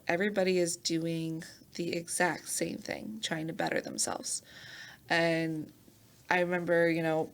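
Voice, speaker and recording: A young woman, a champion athlete, telling stories in a casual interview, animated and acting out quoted voices with laughter. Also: lowish voice. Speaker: Olympic hammer thrower, podcast guest.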